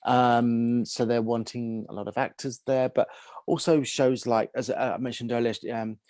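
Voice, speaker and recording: A man's voice: mid-range voice, level tone, moderate pace, a little mellow, no echo. A man, a guest agent in a casual interview, speaking hesitantly with many restarts.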